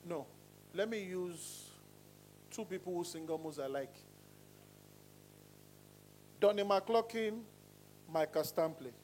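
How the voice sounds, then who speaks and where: A man leads a singing lesson, speaking in a fairly high voice. He swings between loud and quiet to demonstrate ideas and keeps checking that the class is following. A faint hum sits under the recording. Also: takes it slowly, long pauses, poor audio. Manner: animated, demonstrating voices with sudden pitch swings. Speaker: singing coach.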